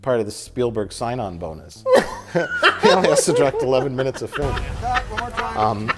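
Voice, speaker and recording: A man's voice: medium pitch, expressive, moderate pace, over loud music. A man chatting casually about movies as a reviewer, rambling and joking, often breaking into laughter. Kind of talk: casual chat.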